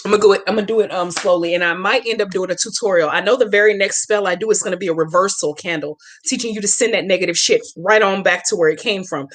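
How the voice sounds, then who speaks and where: A woman with a medium-pitched voice talks quickly, barely pausing, as she hosts a live Q&A in the role of a hoodoo practitioner. She chats with viewers in a brash, profane way and gives slangy, emphatic step-by-step instructions for a spell in this casual livestream tutorial.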